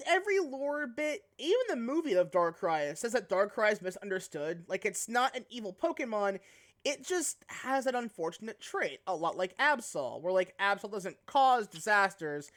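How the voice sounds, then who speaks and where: A woman streamer chatting casually and animatedly, swearing and laughing often. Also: mid-range voice. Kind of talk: casual live-stream chat.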